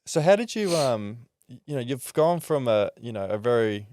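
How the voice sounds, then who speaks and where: A man's voice: mid-range voice, very animated, normal speed, a little mellow, dry recording, studio quality. A man hosting a podcast interview, asking questions and backing the guest up with frequent "yeah" and "mm". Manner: supportive, frequent "yeah" and "mm" backchannels. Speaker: podcast host.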